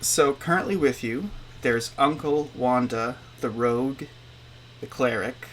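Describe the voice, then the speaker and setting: A young man narrating a tabletop role-playing game as game master, in a relaxed, chatty way. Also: medium pitch, slight background noise.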